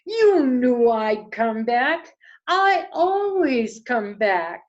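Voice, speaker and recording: A woman voicing a mother owl who speaks slowly and reassuringly to her chicks. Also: a little high, big pitch swings, lo-fi sound, voice pushed up, exaggerated voice. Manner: slow, soothing and reassuring. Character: calm, loving mother owl.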